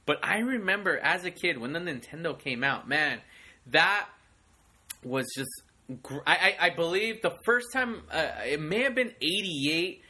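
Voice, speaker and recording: Excitable, rambling male podcast host. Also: a little high, unhurried, breathy edge. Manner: rambling, excitable, lots of fillers. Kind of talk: casual chat.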